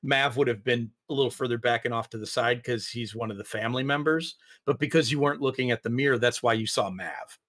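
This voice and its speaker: A man's voice: mid-range voice, fairly even intonation, fast talker, hardly any pauses, a bit bright. Casual male game master. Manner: casual, rambling with fillers. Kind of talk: narrating a tabletop game.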